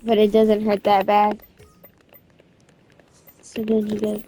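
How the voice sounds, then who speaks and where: A woman narrating a game event in a casual, excited, slangy way, restarting her sentences again and again. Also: mid-range voice, slow pace, pauses often. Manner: rambling storytelling with constant restarts. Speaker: gaming video creator.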